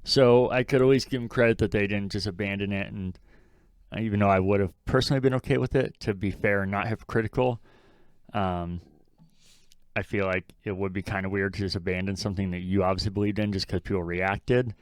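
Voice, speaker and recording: Male podcast co-host, casual and frank, smooth low voice, dry studio sound. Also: steady tone, fairly quick, dry recording. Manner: rambling, frank, swears casually. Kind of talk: casual chat.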